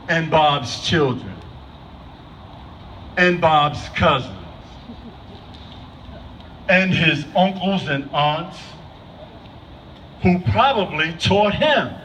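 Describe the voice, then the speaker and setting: A man's voice: a little high, fairly bright tone, distant mic. Man speaking at an outdoor vigil. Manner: asks the crowd repeated questions. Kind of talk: impromptu public speech. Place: outdoor gathering. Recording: dull lo-fi with faint noise.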